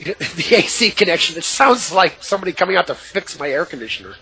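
A man hosting a wrestling radio show, wry and laughing in casual banter, with a husky voice. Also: a little high, big pitch swings, quick pace, heavy background noise. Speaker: host.

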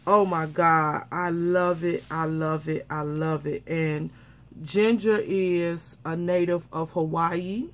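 Unboxing a package on camera, a woman vlogger chats casually and gushes over each item, repeating how much she loves them, excited and slightly flustered. She has a deep voice and speaks slowly.

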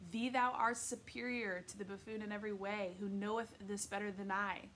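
A woman's voice: medium pitch, little pitch movement, moderate pace, a bit bright, slight background noise, lightly acted. Woman voicing a pompous old-fashioned boy ghost. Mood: grandly insistent. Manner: archaic, theatrical phrasing. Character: pompous teenage boy ghost from Shakespeare's era. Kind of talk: read-aloud storybook voice.

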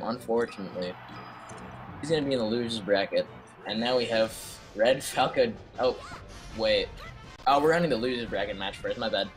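Young man, game commentator, casual and slangy, excitable, frequent swearing, faint background music. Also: lowish voice, brisk. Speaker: stream commentator.

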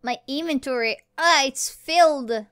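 A woman chatting casually while playing a game, playful and giggly, with excitable exclamations. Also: sits high, unhurried. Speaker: gamer recording a let's play. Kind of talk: casual gameplay chat.

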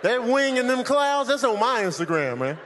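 A man doing live stand-up comedy on stage, animated and loud, shouting out his impressions of airport staff. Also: very high voice, normal speed, slight background noise. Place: comedy stage with a laughing audience.

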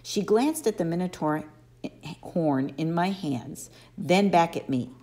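Woman reading a kids novel, expressive, slows down to stress words, low-ish voice with lots of melody. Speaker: audiobook reader. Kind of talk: storybook narration.

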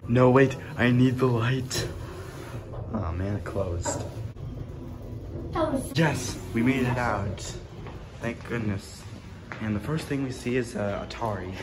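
A man giving casual, excitable commentary as he explores a game and jokes along the way. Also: medium pitch, slow pace, pauses often. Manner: chatty, excitable, jokey narration while exploring. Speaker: gaming vlogger. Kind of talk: casual let's-play commentary. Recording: noticeable background noise.

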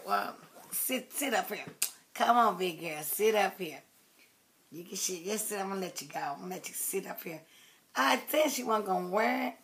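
A woman rambles affectionately to her viewers in a loose, casual vlog. Her talk wanders from thought to thought, and her voice often sinks to soft, low murmurs while she fusses with what she is holding. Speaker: doll collector vlogger. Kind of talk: casual chat to camera.

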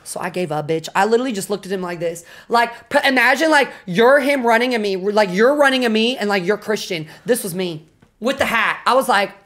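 A young woman streamer telling a story to her chat, animated and full of swearing and fillers. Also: medium pitch, a little fast. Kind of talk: casual storytelling to a live chat.

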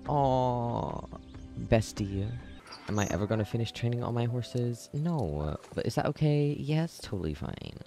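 A man giving casual gameplay commentary, gushing and excitable with frequent gasps. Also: mid-range voice, moderate pace, faint music behind. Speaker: gaming video creator.

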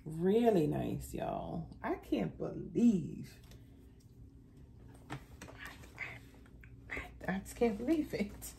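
A woman's voice: very slow, creaky, pauses often, a little hiss or hum. A middle-aged woman, chatting casually in a haul vlog and saying "y'all" often. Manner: chatty, keeps saying "y'all", pitch jumps high when excited. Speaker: vlogger.

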